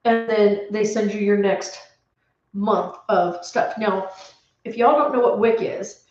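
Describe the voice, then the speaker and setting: A woman's voice: medium pitch, slow, a little mellow. Woman vlogger, home office, nervous rambling storyteller near tears; roomy, slightly muffled audio. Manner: anxious, rambling retelling with many restarts. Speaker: homestead vlogger. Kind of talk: casual storytelling to camera.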